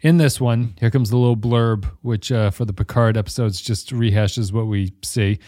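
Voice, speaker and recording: A man's voice: medium pitch, fairly even intonation, moderate pace, dark tone, no echo. A man hosts a casual podcast chat, joking around and laughing often. His voice sits in an ordinary middle register. The sound is dry and close-miked. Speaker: podcast host.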